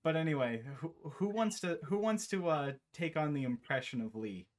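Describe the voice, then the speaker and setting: A young man, the host and game master, chatting casually over an online call as a rambling, animated storyteller. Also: fairly high pitch, moderate pace. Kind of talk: casual chat, recapping a campaign.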